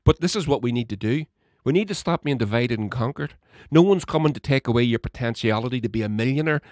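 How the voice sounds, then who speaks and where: This man runs his own podcast and delivers a heated political monologue by himself, swearing all the way and rising to shouts. He sounds animated and quick in a mid-range voice with few pauses, in studio-quality audio without room sound.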